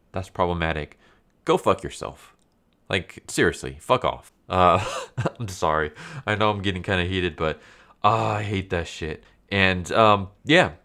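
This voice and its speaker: A man's voice: deep voice, a bit bright, smooth. A man giving a blunt, profane, casual review of a comic book, getting heated as he talks.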